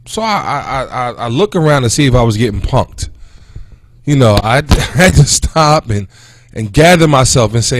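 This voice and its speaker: A man in his thirties hosting a casual talk show, venting in an animated, indignant way about an everyday run-in and then moving on to other topics. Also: moderate pace. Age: 30s. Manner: animated and indignant, with pitch jumping when quoting and venting. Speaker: host. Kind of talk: casual talk radio monologue.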